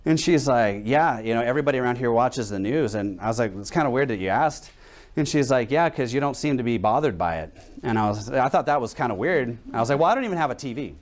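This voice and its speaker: A man's voice: medium pitch, lively intonation, fast. A young adult man preaching a sermon in a conversational way, telling stories and asking rhetorical questions.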